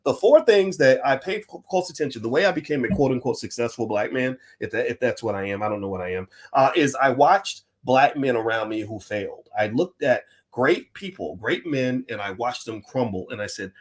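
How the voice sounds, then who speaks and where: A middle-aged man from the United States, hosting a livestream as a finance professor, talking in an emphatic, animated way that swings between loud and quiet. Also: medium pitch, brisk, few pauses. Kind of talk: livestream commentary.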